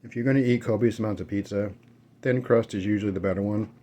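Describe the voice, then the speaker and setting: A man with a lowish, dark voice talks fast and steadily while eating on camera at home, dogs close by. As a mukbang vlogger, he rambles through stories in casual chat, full of fillers and self-corrections.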